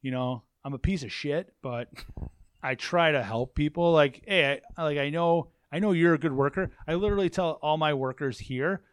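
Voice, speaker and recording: A man's voice: on the high side, normal speed, smooth, no room sound, studio quality. A man in casual podcast chat, telling rambling stories with lots of swearing and repeated "I'm like" lead-ins. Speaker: podcast guest, warehouse manager. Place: office at a work facility.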